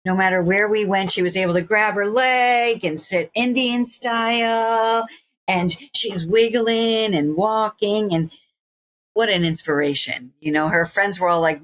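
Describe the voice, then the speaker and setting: A woman in her sixties, a guest on an interview podcast, who tells stories in an animated way, laughing often and acting out what people said. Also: lowish voice. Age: 60s. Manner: animated, acts out quoted voices, laughs often. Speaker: guest, stretching teacher. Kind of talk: casual interview storytelling.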